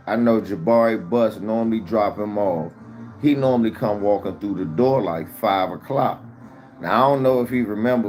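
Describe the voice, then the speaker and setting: Low-voiced man telling a frantic story. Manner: animated storytelling with heavy profanity. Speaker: vlogger. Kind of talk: casual storytime.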